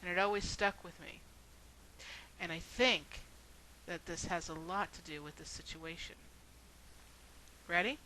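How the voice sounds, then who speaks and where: A woman's voice: fairly low pitch, unhurried, long pauses, pushed and bright, slight background noise, rough recording. A woman video blogger telling a story and then making an earnest, rhetorical argument.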